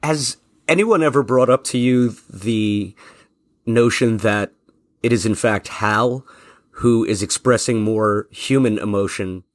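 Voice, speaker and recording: A podcast host interviewing a guest, asking long, thoughtful questions. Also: male voice, fairly low pitch, measured pace, no room sound, studio quality.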